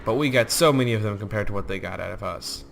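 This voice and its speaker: A man's voice: fairly low pitch, fast, gravelly, fairly bright tone, a little hiss or hum. A man giving casual, rambling commentary over his own strategy gameplay, joking and acting out the soldiers in silly voices. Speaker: gaming YouTuber.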